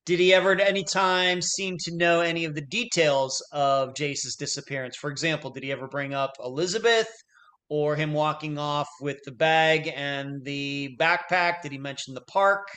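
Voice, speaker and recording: A man's voice: on the high side, normal speed, bright, forceful tone. A man conducting an investigative interview, methodical and probing with follow-up questions.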